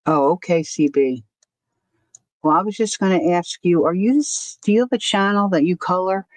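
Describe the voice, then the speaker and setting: This woman speaks at a moderate pace in a fairly low pitch, with no echo on the audio. She's running a relaxed art journaling livestream, talking to herself while she works and welcoming viewers by name.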